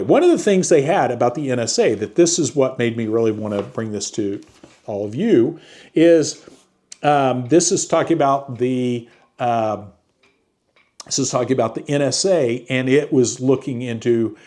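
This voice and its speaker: A man casually talking through a book review, halting often with fillers and restarts. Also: medium pitch, dark tone. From United States.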